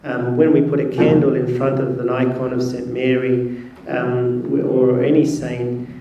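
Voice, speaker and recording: A priest gives a sermon, halting as he goes with many fillers and restarts. His voice is flat and mellow. He sounds distant from the mic, in an echoey room with faint noise. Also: mid-range voice, highs cut off.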